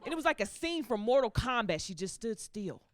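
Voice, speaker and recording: A woman's voice: fairly high pitch, a little fast, a crowd in the background. A woman performing a stand-up comedy set, telling stories and acting out the people in them. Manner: animated storytelling, acting out characters. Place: comedy club stage with laughing audience. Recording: live stage mic with audience laughter.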